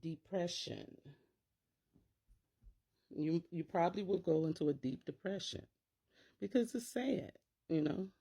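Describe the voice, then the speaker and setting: A woman's voice: lowish voice, lively intonation, unhurried, creaky, pauses often, warm tone, slightly rough. A middle-aged woman, a teacher and parent, talking casually to camera and acting out worried inner voices in quotes.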